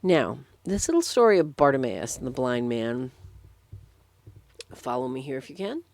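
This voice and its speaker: A woman giving a Sunday meditation talk as a lay Franciscan, telling a gospel story with lively emphasis. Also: very deep voice, moderate pace, gravelly. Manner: animated storytelling with sudden emphasis.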